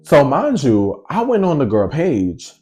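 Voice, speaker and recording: A man casually telling a story to his viewers in a slangy, animated way, acting out each side of the conversation. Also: mid-range voice, a little slow, soft background music.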